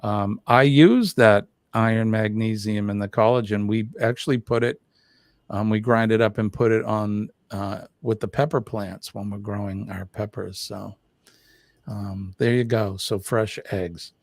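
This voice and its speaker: A man's voice: fairly low pitch, fairly even intonation, a little slow, vocal fry, no room sound. An older man hosting a casual live stream, chatting and reading viewer comments aloud with lots of fillers.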